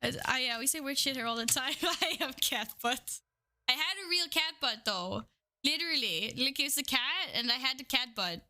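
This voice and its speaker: A woman's voice: high-pitched, lively intonation, moderate pace, pushed and bright. A young woman streaming, chatting casually with her viewers, giggling often, swearing freely and out of breath. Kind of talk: casual live-stream chat.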